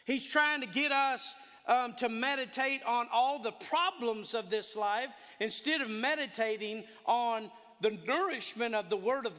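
A man preaching a sermon in a folksy, animated way, telling stories and laughing along with them. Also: very high voice. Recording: long hall reverb.

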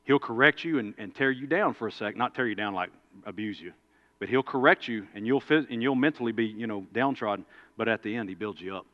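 A man, a preacher and coach, telling a story in a folksy sermon that swings from loud to quiet. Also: lowish voice, a little fast, lo-fi sound.

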